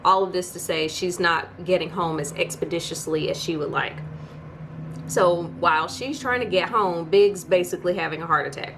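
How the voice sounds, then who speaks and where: A woman reviewing TV on YouTube walks through an episode at a normal speed, her voice slightly low with faint hiss underneath. She keeps it casual and chatty, breaking in with incredulous remarks as she tells the story.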